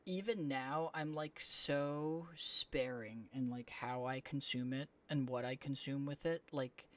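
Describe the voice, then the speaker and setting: A young adult streamer talking off the cuff during a game stream, the voice sitting at an ordinary middle pitch. The speech rambles and loops, packed with "like" and frank swearing. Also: unhurried.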